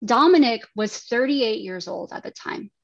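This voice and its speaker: A woman in her thirties, a podcast guest, giving personal testimony in an earnest, halting way. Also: fairly high pitch, lively intonation, creaky, no room sound. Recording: dry, slightly dull lo-fi sound.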